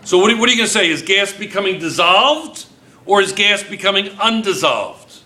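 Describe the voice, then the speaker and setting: A man's voice: sits high, big pitch swings, brisk, sharp tone, reverberant. A male chemistry teacher lecturing a classroom, firing questions at students and repeating key points.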